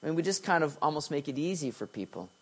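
Animated pastor preaching. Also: male voice, fast talker, husky. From Canada. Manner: animated storyteller, voice swings from quiet asides to excited high bursts. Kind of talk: sermon.

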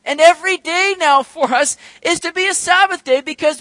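A man delivers a sermon in a high, bright voice. He talks to his listeners in a chatty, conversational way and lifts into emphatic, climbing peaks to make his point. The sound is dry and close, with no room echo. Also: a little fast, hardly any pauses. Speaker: pastor.

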